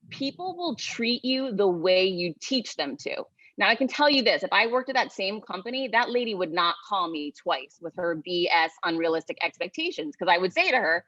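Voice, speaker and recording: A woman guest on a podcast interview, speaking in an emphatic, energetic, motivational way. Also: on the low side, brisk, dry recording. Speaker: guest author. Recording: dull lo-fi sound, dry.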